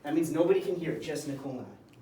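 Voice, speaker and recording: A man's voice: a little high, lively intonation, fast, warm tone, slight background noise. A man teaching a classroom of young students, speaking in simple, emphatic phrases. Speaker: English teacher. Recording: echoey classroom from far off.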